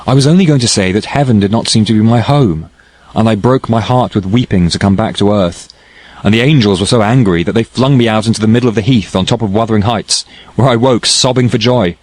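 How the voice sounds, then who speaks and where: A headstrong young woman pours out her feelings in a declaiming, impassioned rush, as a man reads her part in an audiobook. The voice sits a touch higher than his own deep, low register. The recording is dry and close, with no room around it. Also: fairly quick, no echo, close to an everyday voice, rough recording. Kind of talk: audiobook character reading.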